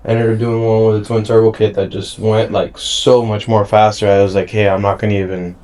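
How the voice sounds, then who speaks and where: A man's voice: fairly low pitch, flat delivery, normal speed, a little mellow. A man guesting on a podcast in a car garage, telling stories in an easygoing way. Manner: easygoing storyteller, says "bro" and "man". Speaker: guest, performance shop owner. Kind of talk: casual chat.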